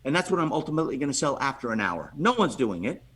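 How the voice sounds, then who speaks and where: A man, a podcast guest, telling a lively story and acting out the voices of the people in it, often restarting and repeating words. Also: medium pitch, quick pace, husky. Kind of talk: animated storytelling.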